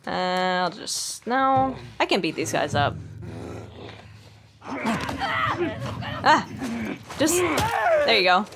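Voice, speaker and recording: A woman's voice: lowish voice, expressive, measured pace, hardly any pauses, background noise. A young woman giving casual, chatty let's-play commentary, giggling and poking fun at herself. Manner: chatty, giggly and self-deprecating. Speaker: gaming streamer.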